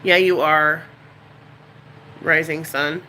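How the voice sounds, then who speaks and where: Middle-aged woman, casual live-stream chat, bright forceful voice, faint room noise. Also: low voice, fairly even intonation, slow pace, low-quality recording. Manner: candid, rambling, emotional. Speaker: YouTuber.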